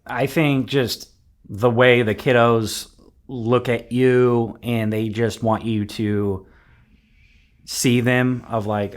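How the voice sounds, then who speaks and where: A man in his thirties, a podcast guest, chatting casually in a soft-spoken, reflective way that often trails off quietly. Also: medium pitch, fairly even intonation, slow. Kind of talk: casual interview chat.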